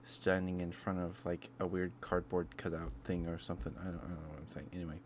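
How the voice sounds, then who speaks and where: A man's voice: sits low, flat delivery, a little fast, slight background noise. A man streaming ASMR, chatting casually in a rambling, self-interrupting way with chuckles between thoughts.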